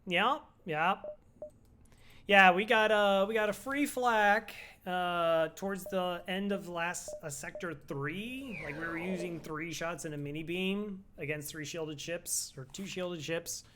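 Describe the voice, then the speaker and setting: Young male streamer, slow laid-back delivery, slightly high voice, wry chat with viewers. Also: sharp tone, slight background noise. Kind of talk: casual game commentary with chat.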